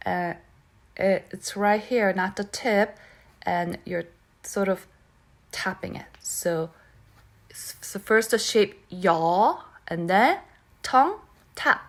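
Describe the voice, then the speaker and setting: A woman teaching pronunciation who repeats words slowly and keeps checking in with "okay?". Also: mid-range voice, expressive. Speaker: Korean language teacher. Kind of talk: pronunciation lesson.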